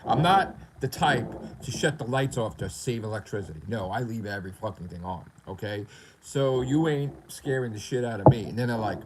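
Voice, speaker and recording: A man's voice: medium pitch, lively intonation, a little fast, slight background noise, poor audio. A middle-aged man with a New York accent, ranting profanely and animatedly as a gaming streamer on a casual livestream.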